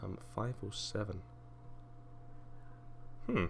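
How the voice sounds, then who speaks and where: A man's voice: fairly low pitch, lively intonation, takes it slowly, creaky, slight background noise. A young man streaming live, rambling casually with lots of fillers and frequent laughs.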